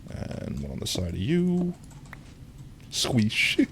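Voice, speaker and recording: A live streamer in casual gameplay chat, playful and giggly, often jumping into a squeaky high voice, talking into a desk microphone. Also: huge pitch swings, takes it slowly, long pauses, fairly bright tone, slight background noise.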